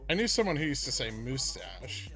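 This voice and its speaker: A man hosting a casual stock-market livestream, reading viewer chat aloud and answering in a relaxed, rambling way. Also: mid-range voice, moderate pace, faint music behind.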